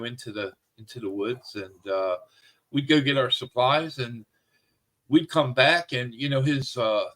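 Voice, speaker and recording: A man's voice: medium pitch, a bit bright, low-quality recording. A man hosting a podcast in casual chat, talking in a rambling way with many fillers. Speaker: podcast host.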